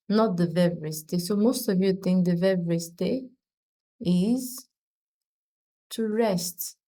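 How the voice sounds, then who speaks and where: A woman's voice: medium pitch, dark tone, low-quality recording. Patient woman teaching French verbs. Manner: explains patiently, repeats conjugations, asks "okay?" often. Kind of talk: casual spoken lesson.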